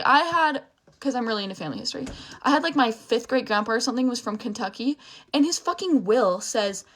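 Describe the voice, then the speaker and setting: Brisk and lively in intonation, a young woman with a fairly high, fairly bright voice rants furiously at the camera. The social media creator curses often, speaks emphatically, and breaks off or restarts mid-sentence when upset.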